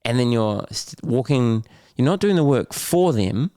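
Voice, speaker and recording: A man's voice: medium pitch, lively intonation, measured pace, warm tone, no echo, clean studio sound. A middle-aged man with a New Zealand accent, talking candidly and loosely as a podcast guest, with slang and laughs. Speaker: podcast guest, Muay Thai champion. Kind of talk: candid casual conversation.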